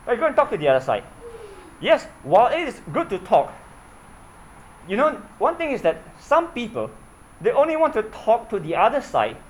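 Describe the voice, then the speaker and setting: A man's voice: very high-pitched, rough recording. A man preaching a sermon in an earnest way, often asking his listeners questions and repeating himself.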